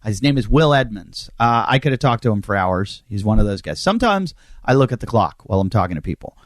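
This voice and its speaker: A man's voice: fairly low pitch, sing-song, fast talker, no room sound, clean studio sound. Joking, rambling podcast host man. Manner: joking, rambling, self-mocking. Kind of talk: casual comedic monologue.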